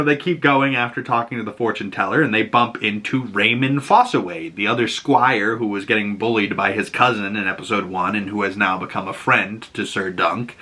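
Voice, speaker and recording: Excitable man recapping a TV episode. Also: mid-range voice. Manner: excitable, laughs often, swears. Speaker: show host.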